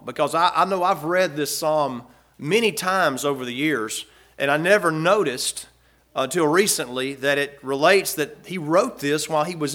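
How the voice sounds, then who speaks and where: A man's voice: on the high side, a bit bright. A man preaching a sermon in a folksy way, rising and swelling when he reads scripture aloud. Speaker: pastor.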